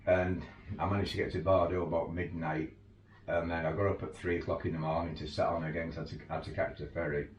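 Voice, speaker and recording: A man with a low voice and little pitch movement talks fast, casually telling stories and laughing through them as an overland tour guide. The recording is roomy with a distant mic, faint ambience, and a little hiss or hum.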